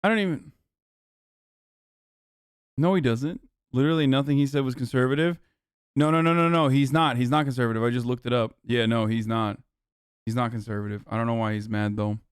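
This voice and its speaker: A man's voice: mid-range voice, steady tone, a little fast, pauses often, clear, resonant tone, no echo, clean studio sound. A man giving casual live-stream commentary, blunt and offhand and swearing freely, into a desk microphone. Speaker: livestreamer.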